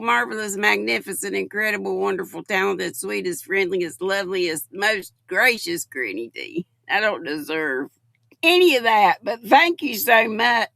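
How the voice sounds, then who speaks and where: Woman in her sixties, unhurried and dry-sounding, affectionate host reading her viewers' comments aloud. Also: mid-range voice, animated, creaky, a bit bright, dry recording. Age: 60s. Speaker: livestream host.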